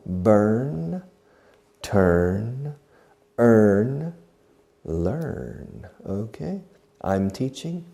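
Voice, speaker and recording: Slow, lively man teaching English. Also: fairly low pitch. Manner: acts out each verb while naming it, slipping in quick translations. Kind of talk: beginner English lesson.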